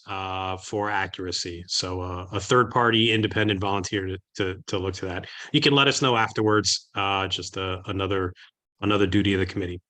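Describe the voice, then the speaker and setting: A man's voice: lowish voice, sharp tone. A man co-organizing a virtual meeting, hesitant with many fillers and repeated words, heard over a video call.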